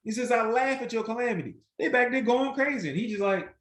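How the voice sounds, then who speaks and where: A man teaching an interactive Bible study, animated and emphatic, acting out the voices he quotes. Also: extremely high pitch, fast talker, roomy sound.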